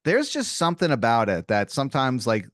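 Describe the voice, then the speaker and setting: A man hosting an improvised comedy podcast, laying out a long scenario with halting restarts. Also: mid-range voice, wildly swooping pitch, fairly bright tone, no echo, studio quality. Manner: rambling, hesitant setup full of restarts. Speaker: podcast host.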